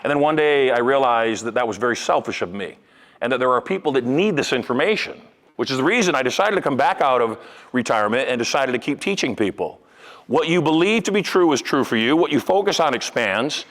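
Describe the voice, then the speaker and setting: Speaking a little fast, an older man presents a live seminar as a hypnotist and motivational speaker. His lively, punchy style shifts from loud emphasis to low asides, and the setting is a large event room with an audience.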